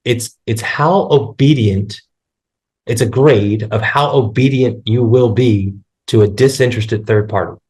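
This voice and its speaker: A man talking as a guest in a casual round-table chat, animated and quick, often repeating his words. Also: medium pitch, husky. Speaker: panel guest.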